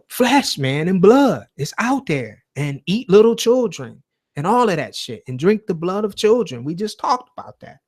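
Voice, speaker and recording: A man hosting a casual livestream chat show, talking loosely and emphatically with plenty of swearing, speaking straight to his viewers and reading their chat. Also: on the high side. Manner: loose, profane, emphatic preaching tone. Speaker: host of a call-in show.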